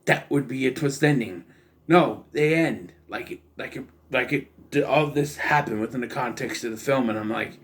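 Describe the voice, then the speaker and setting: A man's voice: mid-range voice, lively intonation, moderate pace. A young man casually reviewing a film, rambling and sarcastic, with incredulous asides. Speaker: movie reviewer.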